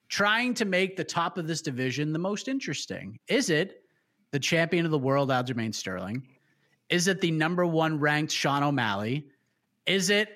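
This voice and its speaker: A man's voice: a little high, a bit bright. Playful man hosting a quiz panel. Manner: playful, quizmaster-like. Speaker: host. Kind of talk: game-style panel hosting.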